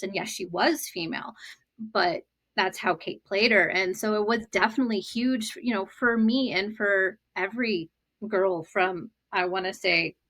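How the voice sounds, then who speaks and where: A woman in her thirties talks in an earnest, reflective way during a casual chat. Her voice is bright and clear, at a middle pitch.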